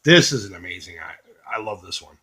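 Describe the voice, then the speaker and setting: Man, collector vlogger, husky voice, lively pitch, profane jokey banter about his haul. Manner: crude, joking, does quick mocking voices for pictures. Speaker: retro collecting YouTuber. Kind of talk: casual unboxing commentary.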